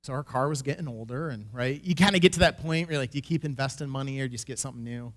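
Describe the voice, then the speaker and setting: A man telling a personal faith testimony into a microphone, in an animated, self-deprecating way with frequent laughter. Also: medium pitch, fast talker. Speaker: church member giving a testimony.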